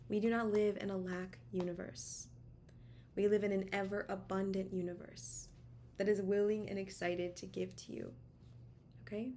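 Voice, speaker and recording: A woman's voice: medium pitch, warm tone, a little hiss or hum. A woman tarot reader giving a casual channeled message to camera from her home office, encouraging and emphatic, repeating words for stress. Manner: encouraging, repetitive, emphatic, chatty. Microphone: camera mic.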